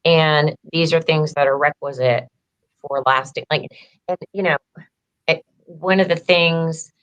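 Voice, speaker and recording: This woman's low voice stays steady and unhurried, with a fairly bright tone, though the high frequencies are cut off. As a women's empowerment coach chatting through her story in a casual interview, she uses lots of "like" fillers and dramatizes quoted exchanges.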